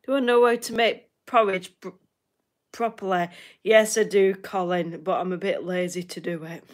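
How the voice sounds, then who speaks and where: On a livestream, a Northern English host from the north of England talks easily with viewers, often laughing and saying things twice. She speaks in a mid-range voice at normal speed, her intonation fairly even.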